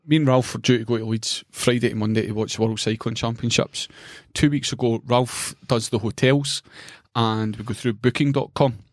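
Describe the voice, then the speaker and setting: Scottish male podcast co-host, ranty and sweary storyteller, mid-pitched voice, dry close sound. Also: moderate pace, few pauses, no echo. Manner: ranting, sweary, animated storytelling. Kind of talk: casual chat.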